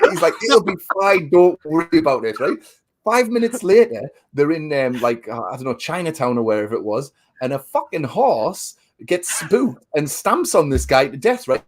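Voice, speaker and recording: A man co-hosting a horror movie chat in a lively, up-and-down voice. He swears freely, stumbles over repeated words, and slips into acted-out lines when he retells scenes. He keeps it casual and loose. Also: on the high side, slight background noise. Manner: animated, swears often, acts out quotes; repeats words while thinking. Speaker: podcast co-host. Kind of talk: casual film review chat.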